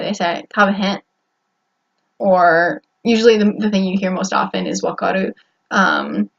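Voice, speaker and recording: Young american woman rambling into the camera at home, lots of ums, kinda muffled audio. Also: medium pitch. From United States. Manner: chatty, rambling, many fillers and restarts. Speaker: vlogger. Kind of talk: casual vlog talk to camera. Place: indoor room at home. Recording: slightly dull lo-fi audio.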